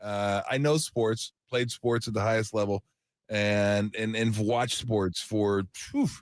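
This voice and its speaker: A man's voice: fairly low pitch, steady tone, takes it slowly, no room sound, studio quality. An older man, a longtime sports radio host, talking in an easygoing, rambling way on air. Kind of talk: farewell radio talk.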